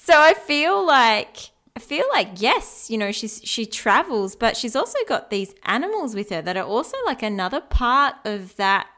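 A woman co-hosting a podcast, chatting casually with giggles and quick asides. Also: on the high side, very animated, bright, forceful tone. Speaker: podcast co-host. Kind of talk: casual chat.

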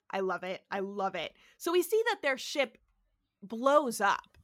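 A woman co-hosting a podcast, recapping a TV episode in excitable, sweary casual chat. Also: mid-range voice, a little slow, a little hiss or hum. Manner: excitable, swears, laughs, acts out quotes. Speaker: podcast co-host.

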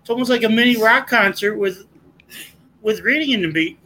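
High-voiced earnest middle-aged man. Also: brisk, pushed and bright, rough recording. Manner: earnest, impassioned, rambling. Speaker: guest sharing a testimony. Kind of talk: casual conversation.

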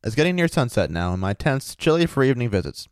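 A man's voice: medium pitch, very animated, fast talker, clear, resonant tone, dry recording, studio quality, lightly acted. A man doing a clipped, guarded spy. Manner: clipped and brusque. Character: guarded, stiff male spy.

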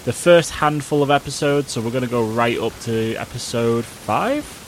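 A man hosting a casual pop culture podcast, chatty and quick to laugh, with lots of fillers. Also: mid-range voice, a little hiss or hum. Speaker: podcast host.

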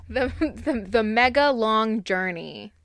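A woman's voice: fairly high pitch, no echo. A woman in casual chat, playful and giggly, jumping from topic to topic.

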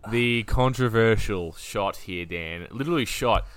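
A man co-hosting a podcast in casual chat, animated and joking, swearing freely. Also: lowish voice, measured pace, smooth, no echo. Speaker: podcast co-host.

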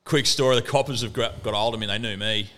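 An Australian man telling stories as a podcast guest, animated and swearing freely. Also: on the low side, fast talker, crowd noise. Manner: animated yarn-spinning, heavy swearing. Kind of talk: casual storytelling chat.

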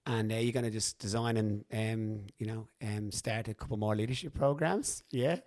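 A man's voice: fairly low pitch, normal speed, a little mellow, roomy sound. A man with an Irish accent hosting a podcast, asking casual, joking questions with some hesitations. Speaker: podcast host. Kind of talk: interview conversation.

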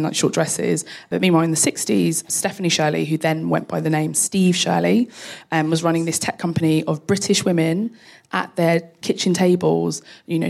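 A woman guest on a live panel, explaining her work with girls in tech, quick and enthusiastic. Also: deep voice, gravelly, darkish tone. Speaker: guest, tech educator running girls' coding events.

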